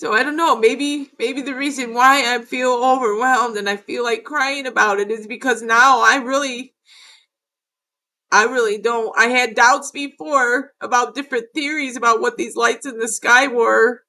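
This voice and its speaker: A woman's voice: fairly high pitch, steady tone, moderate pace, pushed and bright. A middle-aged woman narrating her own footage in a casual vlog. She talks in a rambling, emphatic way and curses often. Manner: rambling and emphatic, with frequent cursing. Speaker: video creator.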